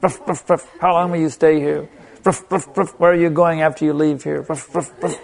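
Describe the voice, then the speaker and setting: A man mimicking an agitated passport officer who barks questions like a dog, with a gravelly voice. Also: on the high side, fairly even intonation, normal speed. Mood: mocking. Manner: yapping questions in a mock bark.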